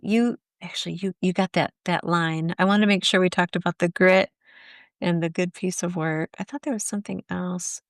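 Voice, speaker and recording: A woman co-hosting a casual faith podcast, chatty and quick with affirmations, often laughing. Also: mid-range voice, no echo, clean studio sound. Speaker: podcast co-host.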